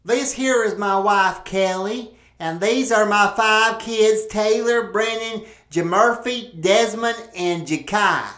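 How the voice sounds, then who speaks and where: A woman voicing a big father introducing his wife and five kids in a slow, proud way. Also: medium pitch, a bit bright. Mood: friendly. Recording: roomy echo.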